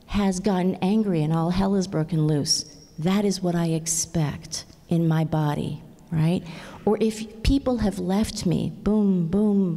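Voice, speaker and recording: Expressive woman speaker in a reverberant hall. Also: medium pitch. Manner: expressive storyteller with whispered asides. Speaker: conference keynote speaker. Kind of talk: plenary talk with story reading. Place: large conference hall. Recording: echoey conference hall.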